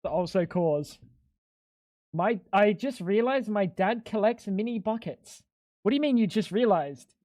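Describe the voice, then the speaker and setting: A young man streaming live, joking loosely with chat, swearing freely and jumping up into high incredulous squeaks when something baffles him. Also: animated, normal speed, darkish tone, no echo, clean studio sound.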